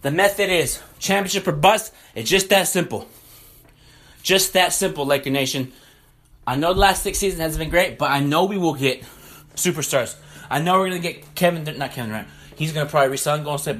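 A man's voice: a little high, brisk, a bit bright. Heated young man ranting on a podcast. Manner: heated, profane, repetitive. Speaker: podcast host. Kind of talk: ranting sports podcast monologue.

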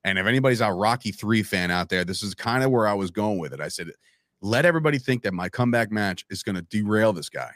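A man's voice: fairly low pitch, quick pace, dry recording, clean studio sound. A man, a podcast guest telling his own stories in casual chat and acting out the voices of people he quotes. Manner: animated storytelling, acts out quoted voices. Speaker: podcast guest, wrestling commentator.

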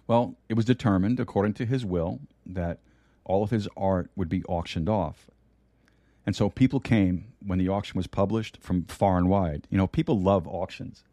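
A middle-aged man preaching a sermon and telling a story, slowing down to stress key words. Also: low voice, mellow, no echo.

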